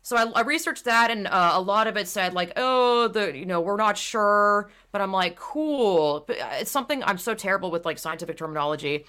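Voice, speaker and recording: Bright-voiced woman ranting bluntly. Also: mid-range voice, brisk, few pauses, smooth. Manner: blunt, profane, animated ranting. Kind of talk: casual chat.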